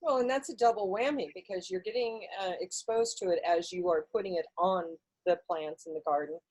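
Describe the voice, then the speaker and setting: A woman's voice: fairly low pitch, a little fast, darkish tone, dry recording, poor audio. A woman hosting an online wellness meetup, chatting along and adding her own examples over a video call. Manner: chatty, agreeable, adds examples. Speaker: meetup host. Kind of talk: casual online meetup talk.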